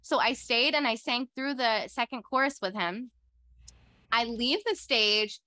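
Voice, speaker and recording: A young woman co-hosting a podcast, telling a story in a rambling, excitable way and filling her talk with "like". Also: fairly high pitch, unhurried, dry recording. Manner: rambling and excitable, heavy use of "like". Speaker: podcast co-host. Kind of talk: casual storytelling chat.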